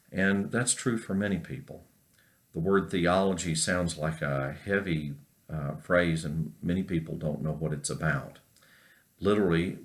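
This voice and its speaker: In a recorded class lecture, this North Carolina professor tells a story at an unhurried pace, with plenty of filler words, in a bass voice.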